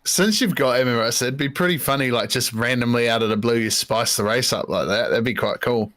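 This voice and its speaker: A man's voice: medium pitch, fairly quick, fairly bright tone, dry recording. Laid-back Kiwi man, dry mic. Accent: New Zealand. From New Zealand. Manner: laid-back, laughing, says "eh" and "bro". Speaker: guest on a sim racing stream. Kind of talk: casual chat over a video call.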